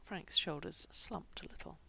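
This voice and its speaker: A woman reading fan fiction aloud with expressive, animated narration. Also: a little slow. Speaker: reader.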